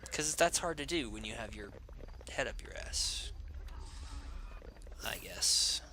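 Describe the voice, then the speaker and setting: A man's voice: mid-range voice, expressive, slow pace, bright, forceful tone, a little hiss or hum. A tired man casually commenting on his gameplay as a let's play host, rambling and joking at his own expense. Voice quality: rambling, self-deprecating, jokey. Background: game music.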